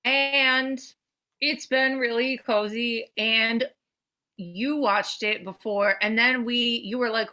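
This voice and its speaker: A woman in her thirties co-hosting a podcast, chatting casually and animatedly, swearing and swinging her pitch. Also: measured pace. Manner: animated, swearing, jumps between pitch levels. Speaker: podcast co-host. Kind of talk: casual chat.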